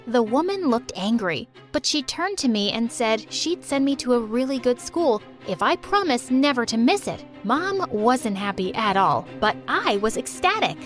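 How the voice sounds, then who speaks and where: High-pitched young woman narrating storytime, dramatic and lively, soft music under. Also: normal speed, hardly any pauses.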